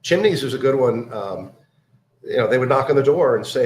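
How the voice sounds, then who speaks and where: A man telling a story in casual chat, halting with many fillers and restarts. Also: medium pitch, animated, a little mellow, echoey room, a little hiss or hum.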